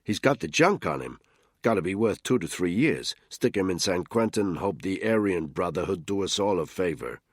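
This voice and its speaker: A man voicing a brash, impatient male surveillance analyst in an audiobook, blunt and wisecracking, with a husky voice. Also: deep voice, big pitch swings, moderate pace, dry recording, studio quality, exaggerated voice.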